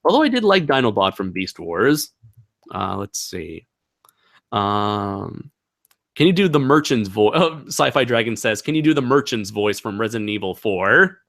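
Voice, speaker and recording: A man's voice: lowish voice, sing-song, moderate pace, gravelly, a bit bright. A young man hosting a casual livestream Q&A, rambling and laughing, with many fillers. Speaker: channel host.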